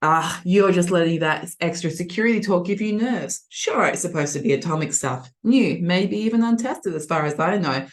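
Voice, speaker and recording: A woman's voice: on the low side, expressive, moderate pace, hardly any pauses, natural voice. A woman reading as an offhand young soldier. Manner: offhand, brushing off worries. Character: casual, dismissive young male soldier.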